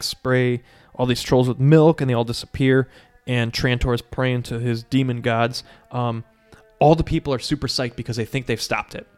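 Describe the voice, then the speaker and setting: A man's voice: mid-range voice, clean tone. A man casually retelling a movie plot, full of fillers, briefly putting on voices for characters. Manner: animated storytelling with many "like" fillers, acting out quotes. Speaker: podcast co-host recapping a movie. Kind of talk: casual chat.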